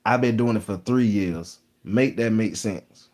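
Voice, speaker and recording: A man's voice: lowish voice, unhurried, darkish tone. A young man with a Texas Southern accent, hosting a live stream, rambling and bragging in slangy casual chat. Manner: boastful, rambling, slangy storytelling.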